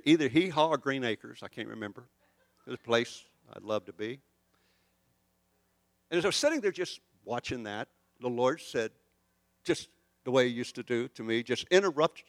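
A man's voice: mid-range voice, dry recording. An older man preaching a conversational sermon, rambling and poking fun at himself as he tells stories. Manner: rambling, chatty and self-deprecating. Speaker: pastor.

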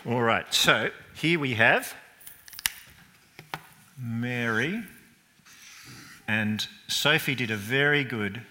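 A man preaching a sermon as pastor, chatty and lively, asking the congregation questions and speaking with a British accent. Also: medium pitch, very slow, long pauses, slight background noise. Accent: British English. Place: church hall. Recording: long reverb from a church hall.

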